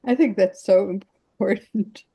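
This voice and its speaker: A woman's voice: medium pitch, dark tone, breathy edge, no echo, muffled recording. A woman hosting a podcast, chatting casually and encouragingly with her guest. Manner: encouraging, quick to laugh and agree. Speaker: podcast host.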